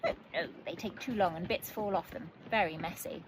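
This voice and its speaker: A woman's voice: on the low side, brisk, noisy background, natural voice. A woman voicing a fussy, polite male talking chicken-bird in a storybook reading, formal and courteous with clucks.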